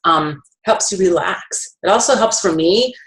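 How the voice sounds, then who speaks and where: A woman's voice: fairly low pitch, lively intonation, unhurried, poor audio. A middle-aged woman presenting essential oils, telling a personal story in a chatty way with fillers and self-corrections.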